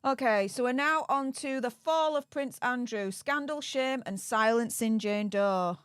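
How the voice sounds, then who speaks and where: Her voice sits on the high side, smooth and unhurried, with no room sound in the recording. She's a British woman reading a book aloud during a live stream, tired from hours on air yet still chatty and throwing in sarcastic remarks as casual commentary.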